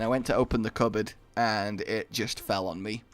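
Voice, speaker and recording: A man's voice: lowish voice, steady tone, normal speed, few pauses, a bit bright, no echo. A young man giving rambling, self-mocking commentary while playing a video game. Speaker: gaming YouTuber. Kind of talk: Let's Play commentary.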